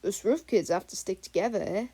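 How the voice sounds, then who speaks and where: A woman's voice: mid-range voice, brisk, dark tone, husky. A woman voicing a friendly, easygoing male wizard professor, reassuring and chatty.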